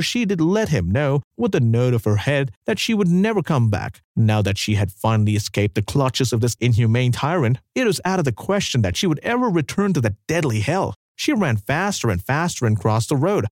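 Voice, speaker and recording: A man narrating a scripted dramatic story with an expressive delivery. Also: mid-range voice, a little fast, few pauses, no echo, clean studio sound.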